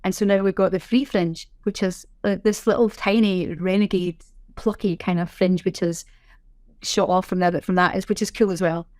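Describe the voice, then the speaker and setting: A middle-aged Scottish woman, a sign language interpreter, chatting in a podcast interview with a lively, self-deprecating way of telling things. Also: lowish voice, normal speed, dry recording, clean studio sound. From Scotland. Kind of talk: casual interview chat.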